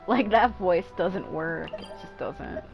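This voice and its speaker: A man's voice: high-pitched, slow, vocal fry, over music, poor audio. A man casually commenting while he plays a video game, speaking bluntly and swearing, with game sound behind him. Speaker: gaming streamer. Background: game audio.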